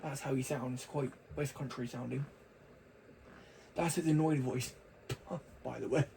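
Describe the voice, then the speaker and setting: A man's voice: medium pitch, fairly even intonation, measured pace, vocal fry, dark tone, slight background noise, low-quality recording. A young man talking casually to camera, rambling and chatty with frequent restarts. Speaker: vlogger.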